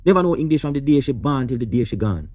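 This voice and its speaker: A man's voice: medium pitch, sing-song, fast, darkish tone. A man with a Jamaican accent giving passionate, rhetorical commentary, repeating his questions. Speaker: reaction host. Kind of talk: opinionated commentary.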